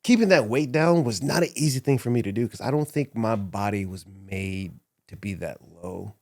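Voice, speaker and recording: A man with a fairly low voice tells his stories in a relaxed studio chat, lively and often laughing as he acts out quotes. The sound is dry and close, with no room around it. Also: moderate pace, no echo. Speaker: professional wrestler, guest. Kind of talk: casual interview storytelling. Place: podcast studio. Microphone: studio microphone.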